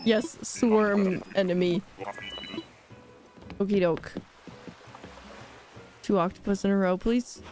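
Bubbly young woman streaming a game, giggly and rambly, mid voice, soft game music behind. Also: medium pitch, fairly even intonation, takes it slowly, long pauses. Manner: bubbly, giggly, rambling, reads chat aloud. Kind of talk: casual live-stream chat.

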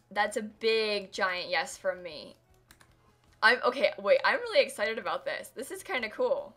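A young woman streamer with a bright, forward voice that stays bubbly and chatty. She talks casually to her audience, laughing often and thanking viewers warmly. Soft background music and keyboard clicks sit behind her. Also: medium pitch, expressive, moderate pace. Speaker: game streamer. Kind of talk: casual live-stream chat. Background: faint music and keyboard typing.

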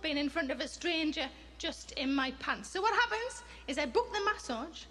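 High-voiced woman doing stand-up comedy. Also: moderate pace. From England. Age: 40s. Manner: deadpan storytelling with repeated comic questions. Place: large theatre stage. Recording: comedy stage with loud audience noise.

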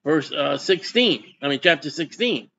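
Man, pastor, folksy sermon, asks the congregation questions, slightly high voice, lo-fi sound. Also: lively intonation, normal speed, pushed and bright, husky.

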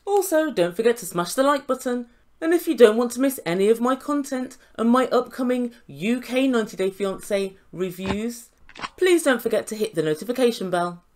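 A woman's voice: a little high, lively intonation, moderate pace. Sassy woman mocking reality TV. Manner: sassy and mocking, laughs often. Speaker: YouTube reality TV reviewer. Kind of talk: sarcastic recap commentary.

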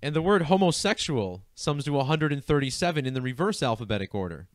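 A young man talks casually over a screen share, going through numbers and often cracking up with giggles. His voice sits at an ordinary pitch. The sound is close and dry, with no room behind it. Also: very animated, fast talker, no echo. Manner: giggly, keeps breaking into laughter. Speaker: numerology video host.

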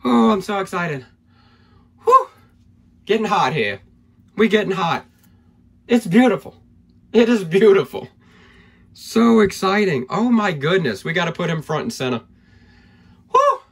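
Podekscytowany mężczyzna otwierający karty, lekko wyższy głos. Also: male voice, high-pitched, unhurried, vocal fry, pauses often, husky. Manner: excitable, hyped, thinks aloud. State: losing his voice. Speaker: card-opening YouTuber. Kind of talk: excited pack-opening vlog.

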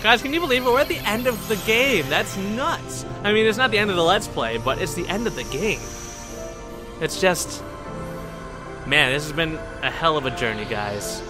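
A man's voice: high voice, animated, moderate pace. A young man giving casual, rambling let's play commentary, joking and talking back to the characters on screen. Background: game music.

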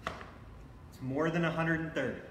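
A man's voice: a little high, fairly even intonation, a little slow, fairly bright tone, echoey room, a little hiss or hum, rough recording. A man teaching a live online cooking class for kids, upbeat and encouraging as he talks straight to the children.

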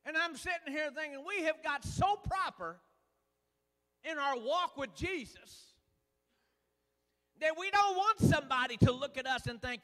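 High-voiced preacher in a hall. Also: male voice, animated, a little slow, long pauses. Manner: folksy, rising to loud preaching with frequent "uh". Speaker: pastor. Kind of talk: sermon. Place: church sanctuary. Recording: church hall reverb.

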